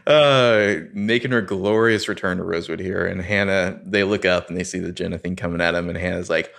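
Low-voiced man in casual recap chat. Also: a little fast, creaky. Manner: relaxed, chuckling commentary with fillers. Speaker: podcast co-host.

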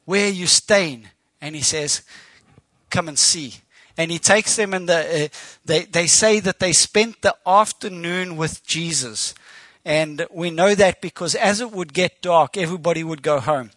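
A man's voice: sits high, fairly bright tone, no echo. A man with a South African accent preaching as a guest speaker, telling stories with animation and acting out quoted speech. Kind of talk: sermon. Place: church.

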